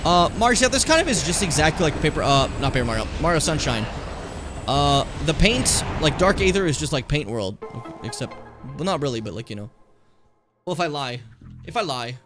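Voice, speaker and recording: A man in his late twenties gives loose, profane commentary while he plays a game, his voice sitting a little high. He sounds worn out as he reads the game's lore aloud and trips over the words. Game music plays faintly underneath. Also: sing-song, brisk. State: tired. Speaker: streamer. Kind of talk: casual gameplay commentary.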